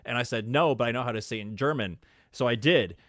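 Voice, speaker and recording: A man's voice: mid-range voice, quick pace, a bit bright, no echo, studio quality. A man hosting a podcast in casual chat, telling stories with lots of fillers and hesitations. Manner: hesitant, filler-heavy storytelling. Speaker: podcast host.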